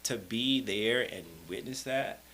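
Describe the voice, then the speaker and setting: A man in his thirties from Alabama, a guest telling stories in a casual interview, relaxed and rambling with plenty of fillers. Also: medium pitch, slow pace, a little hiss or hum, poor audio.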